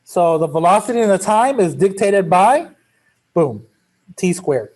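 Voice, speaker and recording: A man's voice: high-pitched, sing-song, measured pace, a little mellow. A male math teacher giving a classroom lecture in a casual, joking way, drifting into chatty asides.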